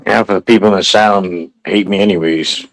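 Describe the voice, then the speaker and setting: A man's voice: sits low, fast talker, vocal fry, low-quality recording. A man hosting a livestream, chatting casually and rambling with restarts. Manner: rambling, repeats himself, relaxed. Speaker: livestream host. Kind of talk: casual stream chat.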